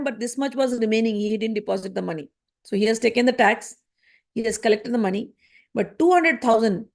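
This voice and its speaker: Lady telling an old holy story off the cuff, kinda high voice, keeps restarting and fixing her words. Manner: frequent restarts and self-corrections, acting out quoted speech. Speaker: storyteller retelling scripture. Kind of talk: unscripted spoken storytelling.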